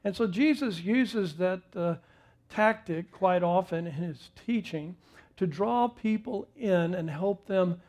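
A man's voice: sits high, takes it slowly, a little mellow. A middle-aged man preaching a sermon and telling a folksy, self-deprecating story about his home life before turning to the text. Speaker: pastor.

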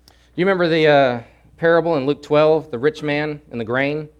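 A man preaching a sermon, swinging from loud urgent pleading to hushed, low asides. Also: normal speed. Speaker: pastor.

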